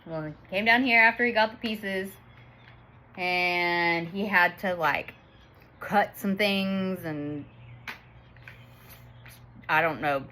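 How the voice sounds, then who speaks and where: A woman's voice: on the low side, takes it slowly, pauses often, sharp tone, a little hiss or hum. A woman in her thirties telling a family story in a chatty vlog, laughing often as she talks. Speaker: vlogger and mother.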